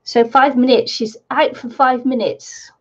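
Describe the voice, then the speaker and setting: A woman's voice: high voice, fairly even intonation, measured pace. A woman hosting a crafting livestream, chatting casually and laughing often as she reads viewer comments. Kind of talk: casual chat while crafting. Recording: dull lo-fi stream audio.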